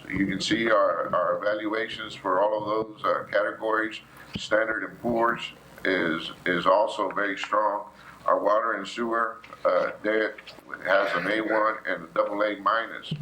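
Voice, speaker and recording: A man, giving a city council an economic overview in a halting way, with many "uh"s and restarts. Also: lowish voice, bright, forceful tone, a little hiss or hum, rough recording. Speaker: city official presenting to council. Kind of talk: economic overview at a public meeting.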